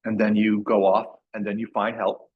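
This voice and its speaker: A man's voice: fairly low pitch, little pitch movement, moderate pace, phone-quality sound. A man lecturing a class in a casual way, often restarting and repeating his words. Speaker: masterclass lecturer.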